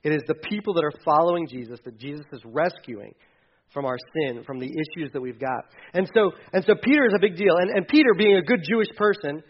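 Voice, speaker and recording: High-voiced man preaching casually. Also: lively intonation, fairly quick, husky, highs cut off. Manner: conversational, acts out quotes in casual voices, many restarts. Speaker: pastor. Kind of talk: sermon.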